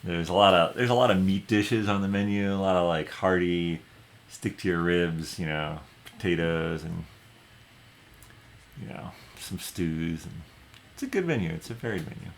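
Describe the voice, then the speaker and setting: A man's voice: low-pitched, moderate pace. A man voicing a chatty dwarf innkeeper who is talking up his wines and menu. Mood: eager. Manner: chatty, salesman patter. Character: cheerful dwarf innkeeper selling ice wines.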